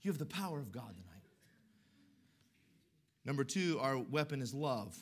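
A middle-aged male pastor preaching a sermon, telling stories in an animated way with emphatic swells. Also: medium pitch, moderate pace.

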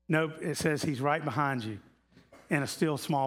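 A man preaching a sermon to a church congregation in a conversational way, repeating key lines and slowing down for emphasis. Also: on the high side, fairly bright tone. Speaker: pastor.

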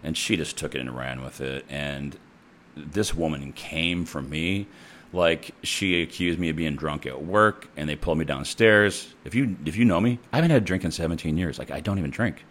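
A man's voice: a bass voice, moderate pace, a bit bright, a little hiss or hum. A man who works as a nurse, telling a story in a casual, blunt and profane way.

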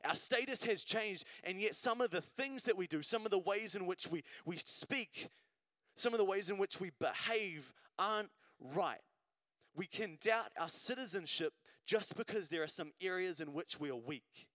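A male preacher delivers a sermon in a relaxed, conversational way and keeps asking the congregation "right?". His voice sits a little high, and the sound is dry and close. He builds to emphatic repeated phrases. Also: moderate pace, no room sound. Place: church service.

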